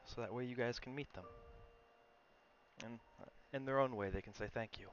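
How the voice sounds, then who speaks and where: A man's voice: mid-range voice, moderate pace, highs cut off, slight background noise. A man streaming from home, chatting casually with viewers, coaxing his dog and reading aloud.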